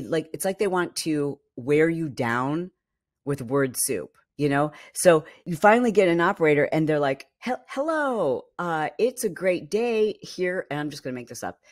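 A woman host talks casually on her podcast, piling up fillers as she vents her frustration. Her voice sits a little low, and her delivery is lively and irritated. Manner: animated, exasperated ranting with frequent fillers.

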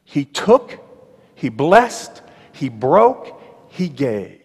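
A man preaching a sermon as pastor, emphatic, slowing on key phrases, with ironic asides. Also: on the high side, big pitch swings, breathy edge. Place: church sanctuary. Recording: long church reverb.

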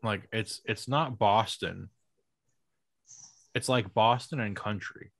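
A podcast cohost in his thirties chats casually over a remote call mic, rambling, trailing off, and laughing a lot. His voice is lowish, creaky, and fairly bright, he takes his time, and there's no room sound.

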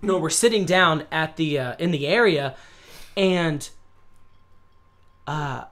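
A man's voice: a little high, slow pace. Young American man telling a rowdy story. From United States. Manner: animated, yelling and laughing through a story. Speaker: podcast host. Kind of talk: casual storytelling.

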